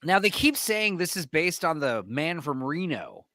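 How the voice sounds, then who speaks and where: Male podcast host, casual and profane movie chat, lively pitch, dry room. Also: a little slow, no room sound. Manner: chatty, profane, explains the film.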